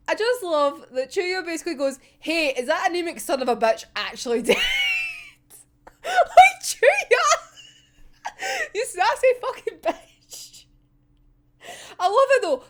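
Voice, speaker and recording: A young woman casually recapping a manga chapter, rambling and swearing, breaking into frequent laughter. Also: sits high. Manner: excitable, rambling, swears a lot, laughs often. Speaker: manga reaction vlogger.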